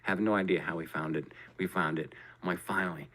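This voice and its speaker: Fast-talking, profane man telling a story. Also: sits low. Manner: profane, animated, acts out his own reactions. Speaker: podcast host. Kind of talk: casual storytelling chat.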